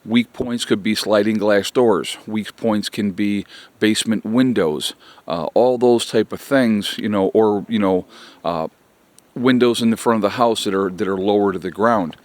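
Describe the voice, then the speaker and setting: A man with a fairly low voice talks through his advice in a loose, rambling vlog style. He leans on fillers and keeps circling back to his key points with earnest repetition. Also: measured pace, a little mellow, no room sound. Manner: rambling, filler-heavy, conversational. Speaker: prepping vlogger.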